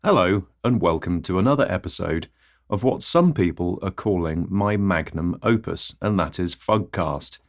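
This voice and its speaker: Male comedy podcast host, low voice, scripted absurdist patter, puns and mock pomposity. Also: expressive, moderate pace. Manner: rambling wordplay and mock self-importance.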